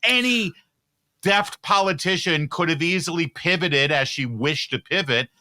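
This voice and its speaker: Bright, emphatic male political commentator. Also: fairly high pitch, unhurried, no echo, studio quality. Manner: emphatic, repeats phrases for rhetorical punch. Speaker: commentator guest. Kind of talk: political talk show discussion.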